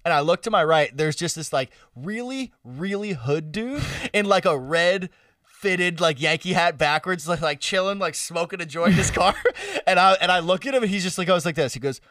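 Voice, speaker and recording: A man's voice: high voice, normal speed, sharp tone, no room sound, studio quality, far from the mic. Laughing young man. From Long Island, New York. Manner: laughing, slangy storyteller. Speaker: podcast co-host. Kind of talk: casual chat.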